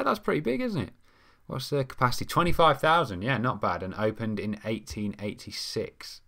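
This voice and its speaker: A man's voice: on the low side, a bit bright. A young man hosting a casual live stream, chatting and reading viewer comments, rambling with lots of ums and restarts. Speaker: football fan show host.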